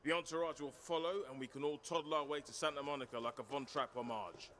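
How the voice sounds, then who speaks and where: Game role: an actor plays a dry, sardonic survivor with a slightly raised pitch. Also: male voice, fairly even intonation, fast talker, background noise, close to an everyday voice. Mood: wry. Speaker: game character.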